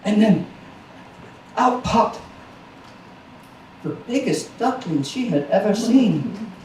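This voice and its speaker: Guy telling a story live at a house concert, lively ups and downs, echoey and a bit far off. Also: sits high, slow pace, slight background noise. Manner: warm, playful, chatty asides. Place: small house concert venue. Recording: roomy live recording from a distance.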